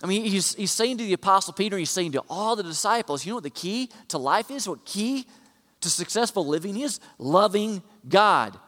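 A male pastor delivering a sermon in a slightly high voice. He moves from soft, talky asides to loud, driving repetition. A long reverb trails his words, as in a big hall. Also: expressive, moderate pace. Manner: builds from quiet asides to loud emphatic repetition.

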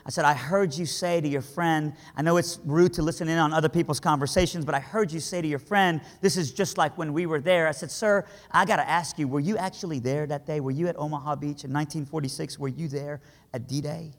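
A man from Iran telling a dramatic story to a crowd, swinging between hushed lines and impassioned cries. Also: on the high side, brisk. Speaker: speaker. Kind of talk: storytelling sermon. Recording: hall reverb.

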